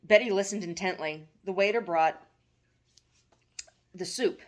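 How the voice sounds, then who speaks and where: A woman author reading her own novel aloud in steady, wry audiobook narration. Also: mid-range voice, measured pace.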